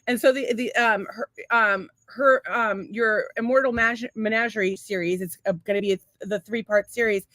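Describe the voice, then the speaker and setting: A woman's voice: on the high side, steady tone, moderate pace, hardly any pauses, fairly bright tone, dry recording. A woman hosting a casual podcast interview, asking questions in a friendly, somewhat hesitant way. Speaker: podcast host.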